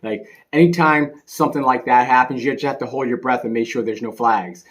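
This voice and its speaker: A man in a casual, rambling rant about a bad game, sarcastic and laughing, swinging between loud outbursts and muttering. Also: medium pitch, steady tone, fairly quick. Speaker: sports commentary vlogger.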